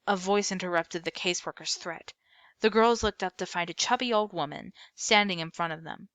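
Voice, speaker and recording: Woman narrator, low-ish bright voice, dry close recording, steady read-aloud. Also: a little fast, dry recording. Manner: steady read-aloud with small slips and self-corrections. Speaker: storyteller. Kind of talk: reading a novel aloud.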